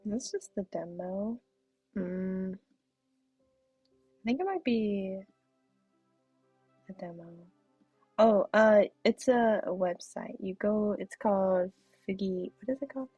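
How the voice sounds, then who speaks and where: Young woman streamer, husky, dry close sound, dull muffled audio, chatty and giggly. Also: medium pitch, slow pace, long pauses, warm tone, no echo, soft background music. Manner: chatty and giggly, drops into whispered asides. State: throat feels off. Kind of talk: casual live-stream chat.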